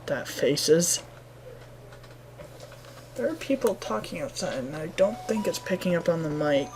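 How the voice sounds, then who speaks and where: Low-voiced woman with sarcastic game commentary. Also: lively intonation, a little slow, noisy background. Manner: dry sarcastic asides. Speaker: gaming video host. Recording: game music behind.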